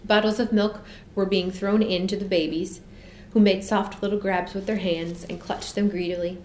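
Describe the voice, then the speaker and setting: A woman's voice: medium pitch, darkish tone, a little hiss or hum. Woman reading a storybook aloud. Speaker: narrator. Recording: echoey room.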